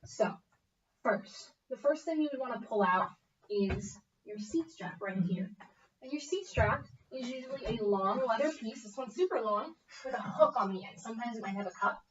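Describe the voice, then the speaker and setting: A woman's voice: fairly high pitch, expressive, normal speed, a little hiss or hum. Young woman, teacher, encouraging, distant mic, muffled audio. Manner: upbeat, coaching with frequent okay checks. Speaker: bassoon teacher. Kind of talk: encouraging one-on-one music lesson. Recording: echoey, distant, dull room audio.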